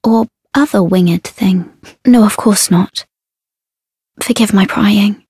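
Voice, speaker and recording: A gentle imprisoned lady from a fantasy game, speaking in slow, archaic, formal phrases. Her breathy voice is recorded dry and close. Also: medium pitch, no room sound. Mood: solemn, gentle. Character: imprisoned woman, gentle and solemn. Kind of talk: game character dialogue.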